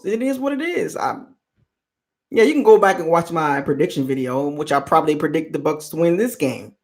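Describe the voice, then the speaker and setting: A man's voice: fairly high pitch, a little mellow. A man hosting a football fan channel, chatting casually on a live stream and teasing fans in the chat. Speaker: sports channel host.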